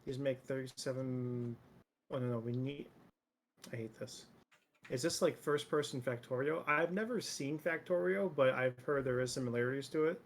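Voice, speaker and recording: A male streamer in easygoing gaming chat, rambling and swearing casually. His voice sits at an ordinary middle pitch, with a faint hum of noise behind him. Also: moderate pace. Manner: relaxed, rambling, swears freely. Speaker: streamer playing a game with a friend.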